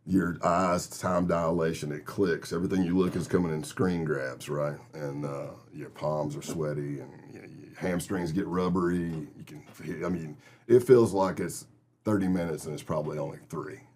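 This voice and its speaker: A man's voice: sits low, steady tone, moderate pace, darkish tone, slight background noise. A middle-aged man from Texas, a guest telling vivid stories in a casual interview and acting out other people's lines. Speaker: guest, retired FBI agent.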